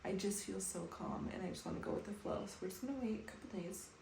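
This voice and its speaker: A woman in her thirties talking softly and calmly to camera in a personal home vlog. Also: medium pitch, fast talker, gravelly. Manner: soft, calm, reflective. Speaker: vlogger. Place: bathroom at home, indoors. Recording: echoey room with faint background noise.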